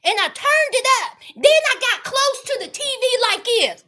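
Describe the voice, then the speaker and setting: A woman's voice: very high-pitched, sing-song, normal speed, hardly any pauses, pushed and bright. A woman giving a sassy, teasing reaction commentary on a reality show. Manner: sassy, drawling, teasing asides.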